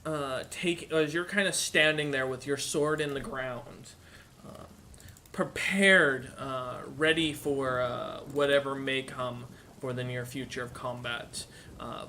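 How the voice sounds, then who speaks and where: Male game master, bright voice, stop-start casual narration over a low hiss. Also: fairly even intonation. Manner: halting, many fillers. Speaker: dungeon master.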